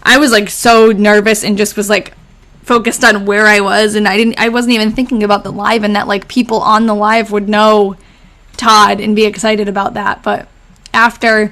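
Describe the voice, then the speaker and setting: A young woman with a mid-range, level voice and a slightly bright tone speaks at normal speed. She's hosting a casual live stream where she reads old diaries, chats with viewers, answers their comments, and laughs often.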